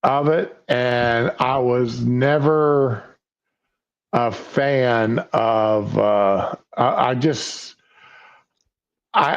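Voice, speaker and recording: A man co-hosting a casual live stream chat, talking slowly and haltingly with restarts. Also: medium pitch, vocal fry. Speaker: co-host. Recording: dull lo-fi audio.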